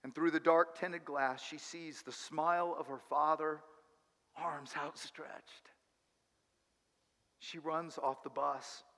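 A pastor telling a story in a sermon, dramatic, moving from hushed to loud. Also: male voice, a little high, fairly even intonation, slow pace, long pauses. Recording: long hall reverb.

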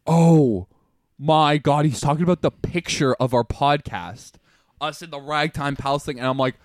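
A young man from Canada co-hosting a casual podcast, telling stories in an animated way and acting out what people said. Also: fairly high pitch, moderate pace, no room sound, studio quality. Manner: animated storytelling, acts out quotes, laughs often. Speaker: podcast co-host. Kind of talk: casual chat.

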